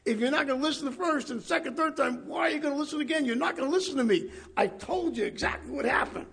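A preacher putting on a fed-up man who was once blind, his voice pushed up high and gravelly. He sounds impatient at having to repeat himself, loud and insistent. He is fed up with listeners who won't take his word. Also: quick pace, full character voice. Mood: exasperated. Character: exasperated formerly blind man, adult male.

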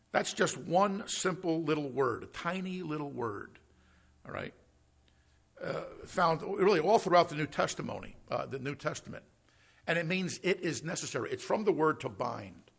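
A man's voice: on the high side, creaky, fairly bright tone, breathy edge. A man preaching an expository sermon, emphatic and given to rhetorical questions and "uh" fillers. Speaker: pastor.

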